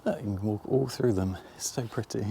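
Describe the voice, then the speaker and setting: A man's voice: on the low side, fairly quick, creaky, dark tone. A man talking casually to the viewer while walking outdoors, chatty and self-mocking, filming on a handheld camera. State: out of breath while climbing. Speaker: vlogger. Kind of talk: casual vlog walk-and-talk. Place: outdoors, farm fields and coastal path. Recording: faint outdoor noise.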